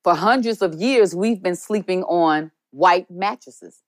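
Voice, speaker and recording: A woman's voice: on the low side, measured pace, no room sound, studio quality. A woman guest in casual podcast chat, speaking earnestly and with faith. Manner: warm, earnest, talks about faith. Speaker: guest, entrepreneur.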